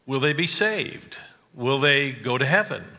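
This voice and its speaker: Guy preaching real slow and careful, bright sharp voice, long hall echo. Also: medium pitch, animated. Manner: slow, deliberate delivery with stressed phrases and asides. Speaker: pastor. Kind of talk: sermon.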